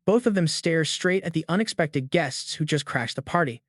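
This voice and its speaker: A man's voice: a little high, expressive, normal speed, no room sound, clean studio sound. A man narrating a comic recap with punchy, emphatic storytelling.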